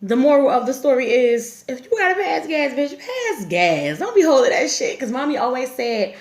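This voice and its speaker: A woman's voice: high voice, very animated, normal speed, a little hiss or hum. A woman vlogger telling a story to camera in a frank, profane way, laughing often as she talks. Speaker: YouTube storyteller. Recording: echoey room.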